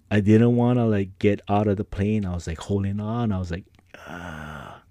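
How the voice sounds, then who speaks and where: A middle-aged man chats casually on his podcast, his voice low and mellow. He rambles through personal stories, laughing often and dropping slang. The sound is close and dry, with no room around it. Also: steady tone, normal speed, no room sound. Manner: laid-back, rambling, frequent laughs and slang. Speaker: podcast host.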